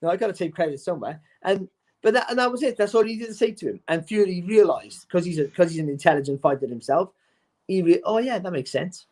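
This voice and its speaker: A man breaks down a boxing match as a pundit in an easygoing podcast chat. His voice sits slightly high and he is animated, often repeating words as he gets a point started. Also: fast talker.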